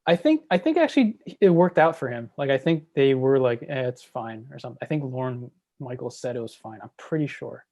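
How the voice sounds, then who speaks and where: A man's voice: mid-range voice, animated, brisk, hardly any pauses, mellow, no room sound. A man guest on a podcast, rambling casually through trivia with many fillers. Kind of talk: casual chat.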